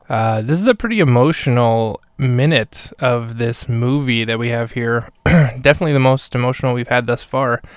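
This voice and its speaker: Smooth-voiced male podcast host, casual. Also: mid-range voice, normal speed, few pauses, dry recording, clean studio sound. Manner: rambling, filler-heavy, self-correcting. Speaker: podcast host reviewing a film minute by minute. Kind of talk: casual spoken review. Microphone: close microphone.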